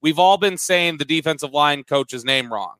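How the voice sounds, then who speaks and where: A man's voice: fairly high pitch, normal speed, fairly bright tone, smooth, no echo. A man hosting a casual sports talk show, conversational and steering the segment, with frequent stammered restarts. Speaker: host.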